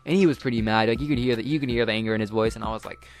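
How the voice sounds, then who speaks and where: A teenage boy tells a story in a loose, rambling way, full of filler words and restarts. His voice sits at an ordinary middle pitch. Faint music plays underneath. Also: rapid-fire. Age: teens. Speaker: vlogger. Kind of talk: casual storytime.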